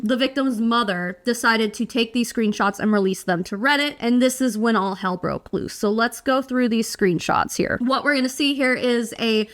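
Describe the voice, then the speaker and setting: A woman's voice: on the high side, fairly bright tone. A woman giving casual commentary as she reads through screenshots, chatty and full of "like" fillers. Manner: chatty, frequent "like" fillers, laughs while reading. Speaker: commentary YouTuber.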